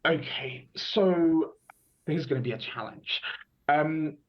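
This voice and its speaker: A man with a Filipino accent, answering speaking-test questions as a candidate in a thoughtful, measured way. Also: on the high side. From Philippines. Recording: dull video-call audio.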